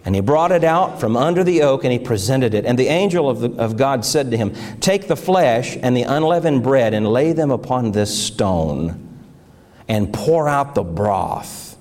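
A man's voice: mid-range voice, expressive, moderate pace, darkish tone. A middle-aged male pastor preaching, reading scripture aloud and telling of his morning, with emotional, fervent swells.

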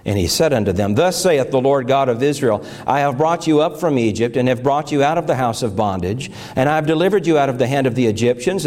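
A man's voice: medium pitch, a little mellow. A middle-aged male pastor preaching, reading scripture aloud and telling of his morning, with emotional, fervent swells.

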